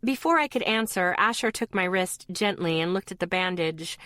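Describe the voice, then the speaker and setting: A woman with a lowish voice narrates a novel in the first person, even and steady. The sound is dry and close, with no room echo. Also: normal speed. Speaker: audiobook narrator.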